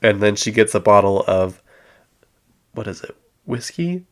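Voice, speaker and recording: Here a male podcast host speaks at a measured pace in a fairly low, bright, expressive voice. He runs through a gossip recap in a relaxed, talkative way, acting out the quotes and leaning on plenty of fillers.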